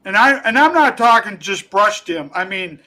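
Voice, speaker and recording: Man, comedian guest, casual chat, rambling storyteller, high pitch, bright tone. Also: lively intonation, moderate pace, rough recording. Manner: rambling, lots of restarts and fillers, laughing at his own stories. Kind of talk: casual podcast chat, telling funny stories.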